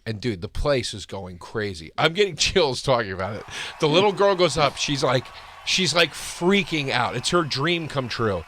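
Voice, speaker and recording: A man with a bright, forceful voice tells a story on a casual podcast. He swears freely and breaks into laughter often. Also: mid-range voice, normal speed, slight background noise. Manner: laughing, profane, animated anecdote telling.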